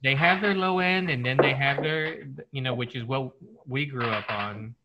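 A man hosts a podcast, tasting whiskey while chatting and joking loosely, full of fillers and restarts. His voice is medium-pitched at a moderate pace, the audio dull and the background noise heavy.

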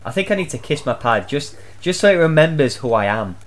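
A young man giving loud, swear-filled live commentary on his own gameplay, shouting out reactions as he plays. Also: a little high, big pitch swings, fairly quick. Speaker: gaming channel host.

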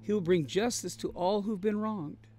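A man with a fairly high voice preaches to his congregation. He talks in an earnest, conversational way and leans on repetition to make his points land. His tone stays steady and plain throughout the sermon. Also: moderate pace. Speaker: pastor. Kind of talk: sermon-style Bible study. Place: traveling, on the road.

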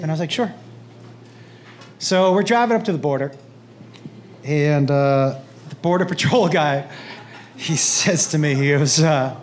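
Comedian man on stage, animated storyteller, fairly high voice, noisy handheld stage mic. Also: moderate pace, pauses often. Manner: animated, acts out quotes with big pitch swings. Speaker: stand-up comedian. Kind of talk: stand-up storytelling. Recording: noisy live stage recording.

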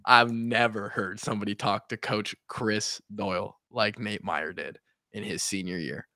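A young man from Iowa, a former player co-hosting a podcast, tells a story in a lively, swearing, casual way and acts out the quotes. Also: on the low side, a little slow, dry recording, studio quality.

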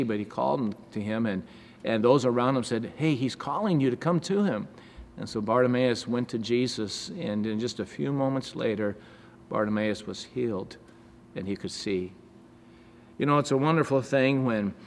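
Man, pastor, devotional sermon, earnest and measured, echoey hall, faint background hum. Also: mid-range voice. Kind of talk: devotional sermon with scripture reading.

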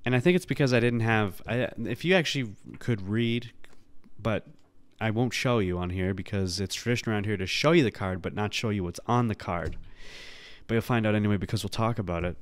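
A man's voice: on the low side, fairly quick, dry recording. A male podcast host rambling casually on his own, self-deprecating and swearing now and then.

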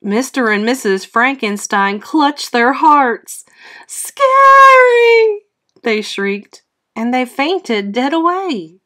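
A woman reading a children's storybook aloud in a slow, expressive, teacherly way. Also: fairly high pitch. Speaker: read-aloud host.

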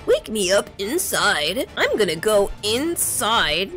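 A woman's voice: medium pitch, very animated, slow pace, a bit bright. A woman streaming a video game, giving playful, sarcastic commentary and swearing freely. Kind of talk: casual gameplay commentary. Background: faint game music.

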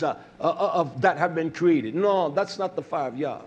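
A man preaching a sermon, slow and emphatic with many fillers, rising to shouts and then dropping low. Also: expressive, slightly rough, highs cut off.

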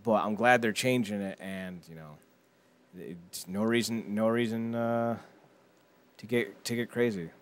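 A man's voice: lowish voice, measured pace. Profane, rambling male podcast host. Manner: profane, rambling, jokey rants. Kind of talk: casual podcast chat.

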